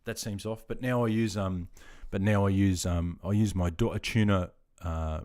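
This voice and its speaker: An Australian army veteran in his fifties chats casually on a live stream, reading viewer comments aloud and laughing easily. His voice is deep, steady, and a little mellow, at a normal speed.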